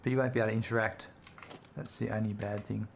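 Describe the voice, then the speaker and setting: A man's voice: on the low side, little pitch movement, fast talker, gravelly, slight background noise. A man chatting casually with viewers while streaming a video game, reading chat aloud and laughing easily.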